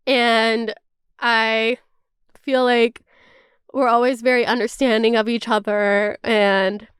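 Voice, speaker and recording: Young woman vlogger, high smooth voice, chatty and profane, dry close sound. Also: level tone, slow pace, dry recording. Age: 20s. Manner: chatty, swears freely, heavy use of "like". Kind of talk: casual chat.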